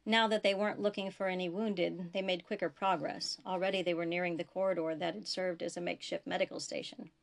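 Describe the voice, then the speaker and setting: A woman author reading her own science fiction story aloud in a steady, even narration. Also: on the low side, fast, gravelly, hardly any pauses. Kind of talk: audiobook narration.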